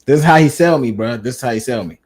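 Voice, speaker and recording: Male host, casual chat, Black dialect, animated storyteller with lots of laughs. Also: medium pitch, fast talker, breathy edge. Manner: animated storytelling, acts out quotes, laughs often. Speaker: podcast host.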